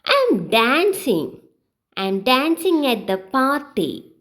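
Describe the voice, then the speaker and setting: A woman teaching beginners, reading short example sentences one by one in a slow, clear, sing-song way. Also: high-pitched, big pitch swings, fairly bright tone. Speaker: English teacher.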